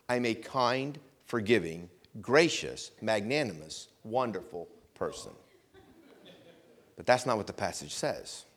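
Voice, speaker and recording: A man preaching a sermon, repeating phrases for emphasis and swinging between loud emphatic lines and quiet asides. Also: medium pitch. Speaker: pastor.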